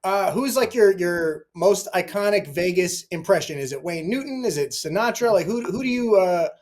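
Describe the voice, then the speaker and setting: A man's voice: high-pitched, expressive, moderate pace, a little mellow. A man hosting a podcast, asking casual, somewhat hesitant questions. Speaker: podcast host. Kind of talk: interview questions.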